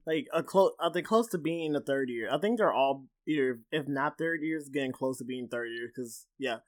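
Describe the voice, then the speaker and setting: A man co-hosting a casual film discussion, animated and full of "like" fillers. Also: medium pitch, normal speed. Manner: animated, filler-heavy, lots of "like". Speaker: podcast co-host.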